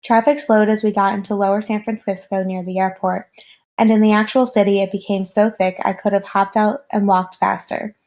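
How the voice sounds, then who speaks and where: Woman, audiobook reading, mid pitch, steady first-person narration. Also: a little fast. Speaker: reader. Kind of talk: reading a novel aloud.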